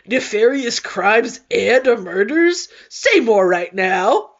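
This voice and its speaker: A woman's voice: a little high, sing-song, takes it slowly, full character voice. A woman voicing an easygoing, slangy surfer-dude young man. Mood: eager. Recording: dull lo-fi recording.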